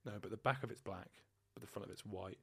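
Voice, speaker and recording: A man's voice: on the low side, fast, gravelly, bright, forceful tone, breathy edge. A young man, co-hosting a casual couple's podcast, joking crudely and trailing off mid-sentence. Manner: crude, joking, mumbles and restarts. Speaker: podcast co-host.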